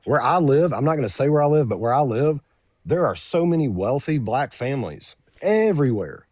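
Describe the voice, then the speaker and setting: A man's voice: mid-range voice, lively intonation, fairly quick, a little mellow, no echo. Defensive man from the American South. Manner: defensive, interjects with short agreements. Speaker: debate guest.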